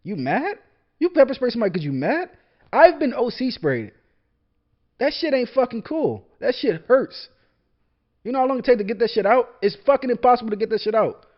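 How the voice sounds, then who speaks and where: Heated, profane young man, high lively voice. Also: a little fast. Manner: heated, profane, repeats words when worked up. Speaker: podcast host, military veteran. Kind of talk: casual solo monologue. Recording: dull lo-fi sound.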